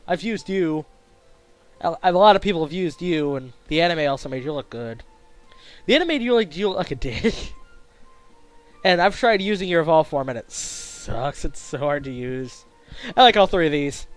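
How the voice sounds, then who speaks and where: Young guy rambling jokily while he plays, pitch on the high side, faint music underneath. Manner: rambling, joking, quick asides. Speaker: let's play host. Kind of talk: casual gameplay commentary.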